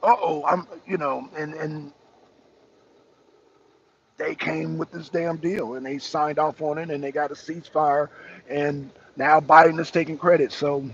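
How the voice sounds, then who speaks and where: Talking politics casually to his viewers, a talk show host with a high, husky voice rambles, repeats points, laughs often and uses slang. He keeps a measured pace and fairly even intonation, and the sound is dull and lo-fi.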